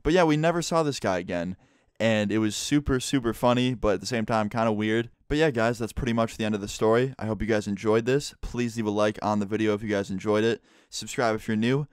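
A young man casually telling a story to his vlog audience, relaxed and chatty with plenty of "like" fillers. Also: fairly low pitch, fast talker, clear, resonant tone, no echo, clean studio sound. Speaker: vlogger.

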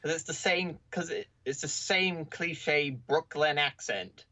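A man's voice: on the high side, slow pace, sharp tone. A man guest on a podcast, chatting casually about a film with chuckling, dry interjections. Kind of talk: casual film review chat.

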